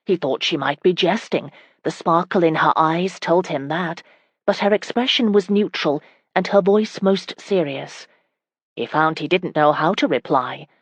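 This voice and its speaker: Low-voiced woman narrating an audiobook. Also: no room sound.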